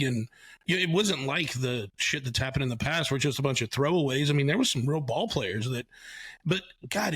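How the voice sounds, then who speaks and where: Enthusiastic higher-voiced male podcast host. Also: fairly bright tone, no room sound, rough recording. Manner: enthusiastic, loose, swears casually, many fillers. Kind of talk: casual interview chat.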